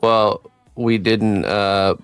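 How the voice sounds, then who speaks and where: A man hosting a live stream as a sculptor, chatting casually with halting, filler-filled pauses. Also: lowish voice, steady tone, clear, resonant tone, faint music behind.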